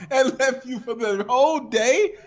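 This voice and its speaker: A man chatting casually on a podcast, animated and slangy, often breaking into laughter. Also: very high-pitched, a little slow, lo-fi sound. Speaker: podcast guest.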